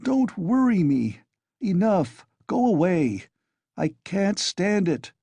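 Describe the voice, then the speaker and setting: A man's voice: high-pitched, very animated, slow pace, warm tone, breathy edge, dry recording, voice pushed up, full character voice. Feverish agitated young man, read by a man. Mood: irritable. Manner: irritable, insistent outbursts.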